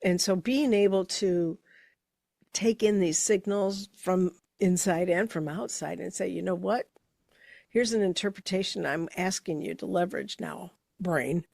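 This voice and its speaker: A woman co-hosting a motivational podcast, speaking in a measured, reflective way as she builds her points. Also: fairly low pitch, gravelly, darkish tone, dry recording, studio quality. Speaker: podcast co-host. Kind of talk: casual motivational chat.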